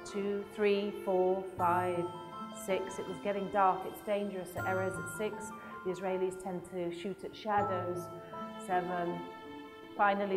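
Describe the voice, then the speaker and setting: A woman's voice: mid-range voice, big-room sound. A woman giving a lecture and telling a personal story with vivid, emotional delivery and acted-out quotes. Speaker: public speaker.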